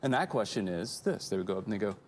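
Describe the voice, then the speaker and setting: A man's voice: fast talker, slight background noise. A man co-hosting a casual church show, telling a long shaggy-dog joke with lots of animation. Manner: animated storyteller, jumps into high squeaky voices for characters. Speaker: co-host.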